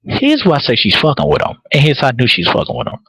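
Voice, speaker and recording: A man's voice: medium pitch, fast, creaky, husky, no echo, rough recording. A man hosting a live podcast, recapping a TV episode in casual, profane storytelling, repeating words as he builds each point. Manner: animated, repeats words while building a point, laughs often.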